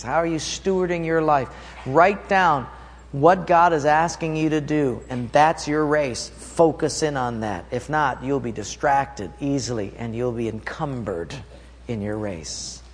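A man's voice: on the high side, a little slow, slight background noise. A pastor preaching a sermon, telling a story from his own life and acting it out with energy. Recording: long hall reverb.

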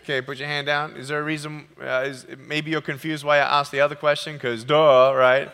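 Give me an animated man joking through a sermon on a big stage, slightly high voice, reverberating hall. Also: a little fast, smooth. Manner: animated, jokey, acts out quotes. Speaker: motivational speaker. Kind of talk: humorous sermon storytelling.

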